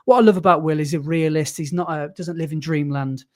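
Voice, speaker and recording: A man from the UK talks casually on a podcast, rambling with fillers and quick restarts. His voice sits a little high for a man. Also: steady tone. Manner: chatty, enthusiastic, many fillers and restarts. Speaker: podcast co-host. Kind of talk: casual chat.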